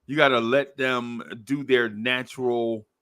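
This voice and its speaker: A man's voice: mid-range voice, a little slow, clean tone, dry recording. Storytelling guy, does voices, laughs a lot, dry close mic. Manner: excitable storyteller, acts out voices, laughs often. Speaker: podcast co-host telling a story. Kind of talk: casual chat, animated storytelling.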